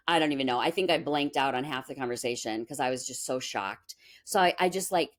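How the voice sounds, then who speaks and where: A Minnesota music school owner with a deep bass voice talks fast and rarely pauses as a guest in a casual interview. Her stories are chatty and animated, complete with impressions of what others said.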